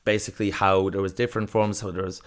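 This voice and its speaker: A man's voice: low voice, flat delivery, fast talker. A man from the south of Ireland with an Irish accent, chatting casually as a podcast guest, rambling and profane with lots of fillers. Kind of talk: casual chat.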